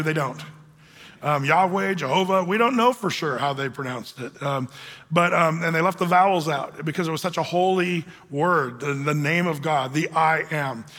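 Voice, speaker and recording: A pastor teaching a sermon in a loose, joking, conversational way, full of fillers and asides. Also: male voice, a little high, pushed and bright. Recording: echoey hall.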